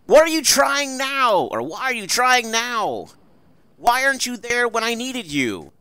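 A young woman in anguish, shrill and pleading, her voice leaping wildly up and down, as a man puts her on. She speaks slowly and brightly while faint game music plays behind her. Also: very animated, clean tone, no room sound, full character voice.

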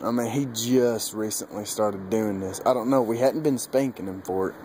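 A young man vlogging outdoors with a handheld camera, rambling and cursing, laughing often and getting animated as he retells a story. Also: on the low side, moderate pace. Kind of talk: casual rambling vlog. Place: outdoors by a dog cage. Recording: noisy outdoor ambience.

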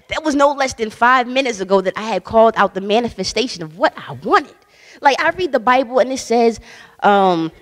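A woman guest minister giving a casual, conversational sermon, emphatic and bold, with slang and frequent laughter. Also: fairly high pitch. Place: church hall. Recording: long church hall reverb.

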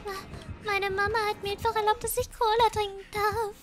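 A woman's voice: very high-pitched, little pitch movement, a little fast, faint music behind, voice pushed up. A woman putting on the voice of an overexcited little kid who stammers and squeals with glee. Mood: giddy.

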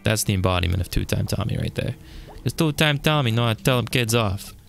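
A man's voice: lowish voice, lively intonation, quick pace, creaky, soft background music. A man giving playful walkthrough commentary over a game, goofy and joking with wordplay. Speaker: game streamer.

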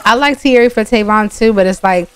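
A woman's voice: medium pitch, brisk, smooth. A woman hosting a gaming channel, chatting casually and laughing as she narrates gameplay to her viewers. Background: soft music.

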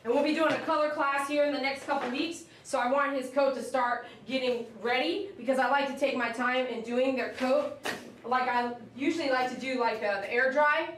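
This woman keeps a steady tone at normal speed as she grooms a dog in her shop on a live stream, chatting emotionally with viewers and coaxing the dogs in a high voice. The audio is echoey, distant-miked, and faintly noisy.

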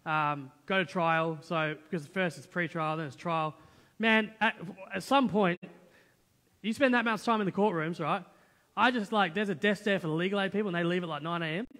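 A male pastor with a high-pitched voice preaches a sermon, sharing a personal story in a lively, conversational style with quoted dialogue. The recording carries the long reverb of a church hall.

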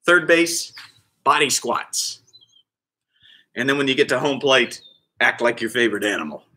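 A man's voice: medium pitch, animated, moderate pace, pushed and bright. A man leading a live online exercise class for kids as their PE coach, counting out reps and cheering the children on by name. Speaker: PE coach hosting a kids' class.

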